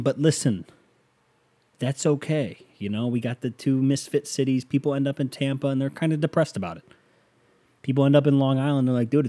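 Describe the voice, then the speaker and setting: A man hosts a podcast and rambles casually through the week's hockey, joking and swearing as he goes. His voice is mellow and sits at a middle pitch. He says his throat is sore today. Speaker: podcast host. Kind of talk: casual sports chat.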